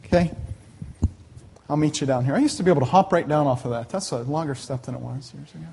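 A middle-aged man preaching a conversational sermon in a church sanctuary, folksy and animated, with joking asides to the congregation. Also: a little high, fast talker, creaky, slight background noise. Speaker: pastor.

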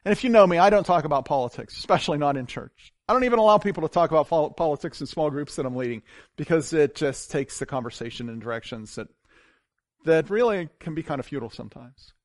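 A man preaching a sermon as pastor, telling stories with big swings from loud to hushed. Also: a little high, quick pace, dry recording, studio quality. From grew up on a farm. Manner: animated storytelling with wide swings in loudness.

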